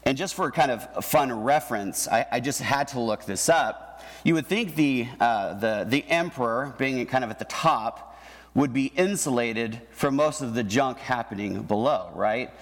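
Man, pastor, relaxed sermon, keeps saying right, long hall echo. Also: mid-range voice, moderate pace. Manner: conversational, keeps asking "right?". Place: church hall with an audience.

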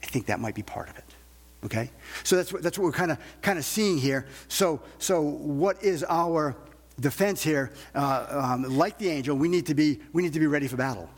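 Husky-voiced preacher with a reverberant sound. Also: male voice, on the high side, lively intonation, normal speed. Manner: conversational preaching with rhetorical questions and repeated restarts. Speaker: pastor. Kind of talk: sermon.

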